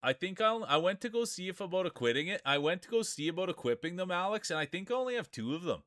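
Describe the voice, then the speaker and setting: A man's voice: high-pitched, big pitch swings, quick pace, a bit bright, no echo, studio quality. A man streaming live, doing playful, joking play-by-play commentary on marble races and chatting with viewers.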